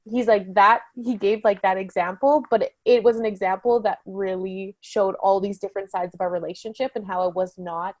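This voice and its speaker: A woman's voice: mid-range voice, steady tone, brisk, few pauses, no echo. A woman guest on a podcast, a business coach who talks candidly and casually about her marriage, laughing often and leaning on fillers like "you know" and "like". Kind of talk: casual conversational interview.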